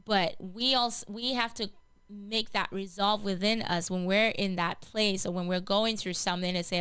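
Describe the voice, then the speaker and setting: A woman's voice: mid-range voice, fairly even intonation, normal speed, a bit bright, clean tone, no echo. A woman hosting a faith talk show, earnestly sharing a personal testimony and often repeating and restarting her words. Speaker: host.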